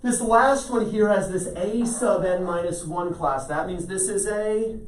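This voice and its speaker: A man's voice: sits high, measured pace, slight background noise. A man teaching a math class, explaining each step patiently and calling on students by name. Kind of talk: classroom lecture. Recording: echoey classroom, mic at a distance.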